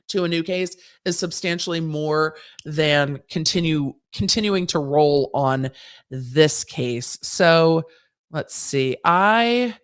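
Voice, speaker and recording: A woman hosting a legal commentary livestream, answering viewer questions in a chatty, casual way with slangy, sassy asides. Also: lowish voice. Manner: chatty, conversational, with frequent restarts and asides; breezy and sassy, mixing slang into legal talk.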